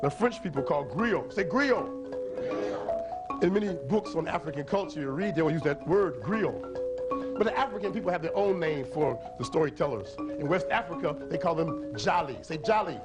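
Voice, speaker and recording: A man's voice: on the high side, a little fast, over loud music, rough recording. A man teaching children about instruments and storytellers at a library, drawing them into call-and-response chants. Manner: lively, draws audience into chants. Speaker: storyteller and musician. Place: library event.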